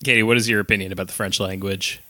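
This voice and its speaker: A man's voice: deep voice, steady tone, rapid-fire, bright, forceful tone, no room sound. A man hosting a casual comedy podcast, playful and teasing, laughing often. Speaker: podcast host.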